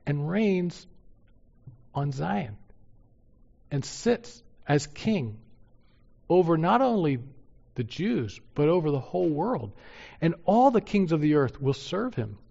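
A man preaching a sermon in a slightly higher voice, pressing hard on his main points with loud, soaring emphasis. The sound is a bit muffled and carries a long reverb, as if caught in a large hall. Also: big pitch swings, takes it slowly, gravelly, long pauses. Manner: emphatic, rising to loud pitched peaks on key points. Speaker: pastor.

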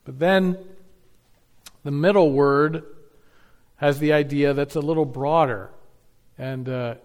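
A man preaching an expository sermon, teaching earnestly, repeating key phrases for emphasis and reading scripture slowly and deliberately. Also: a little high, fairly even intonation, a little mellow. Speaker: pastor.

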